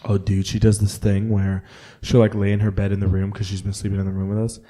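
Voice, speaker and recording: A man's voice: on the low side, monotone, fast talker, warm tone. A man co-hosting a podcast, telling profane, loose stories in casual chat and acting out quotes, close to the mic. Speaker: podcast co-host.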